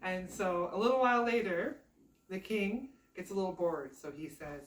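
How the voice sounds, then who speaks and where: A woman telling a fairy tale aloud in a chatty, animated, conversational way. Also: fairly low pitch, a little fast, echoey room, distant mic. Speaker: storyteller. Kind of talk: casual oral storytelling.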